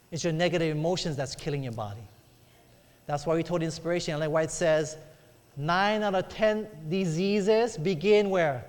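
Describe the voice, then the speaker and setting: A middle-aged man preaching a sermon, telling a personal story and acting out the voices in it, calling for amens from the congregation. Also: sits high. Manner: storytelling, acts out quoted voices, calls for amens. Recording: long hall reverb.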